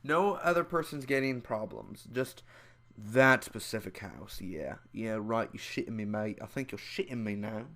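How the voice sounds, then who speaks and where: Young man, casual movie review rant, loud, excitable, slangy, acts out scenes with high squeals. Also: moderate pace.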